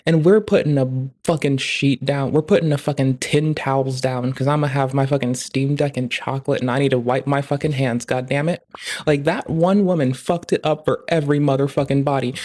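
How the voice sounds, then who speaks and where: A livestreamer talks through the stream in casual commentary, swearing nonstop. The voice sits at a middling pitch and keeps a crude, ranting edge. It spikes loud and high whenever a rant builds. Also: fairly even intonation, moderate pace, no echo. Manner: profane, ranting, crude jokes; rising loud and high in outbursts.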